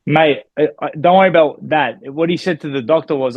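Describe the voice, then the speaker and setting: In an interview, a former boxing world champion from Australia reacts with heated indignation, his voice a little high and his delivery a little fast. He's emphatic and keeps saying "mate," with no echo on the recording.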